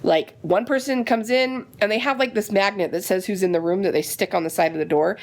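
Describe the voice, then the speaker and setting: A woman vlogging casually and retelling her day in a chatty, animated way, with a frustrated edge. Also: mid-range voice, fairly quick. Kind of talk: casual vlog chat.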